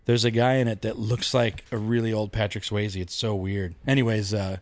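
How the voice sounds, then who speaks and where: Rambling, animated male podcast co-host. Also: fairly low pitch, normal speed, no echo. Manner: rambling, animated storytelling with mock-outraged quotes. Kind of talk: casual chat.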